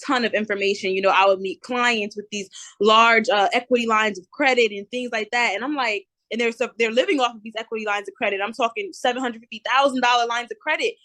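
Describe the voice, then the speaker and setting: A woman's voice: on the high side, quick pace, dry recording. Casting note: twenties New Jersey-accented woman, candid podcast guest, dry close sound. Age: 20s. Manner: lively, candid, lots of "um" and "you know". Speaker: guest entrepreneur. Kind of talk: casual interview chat.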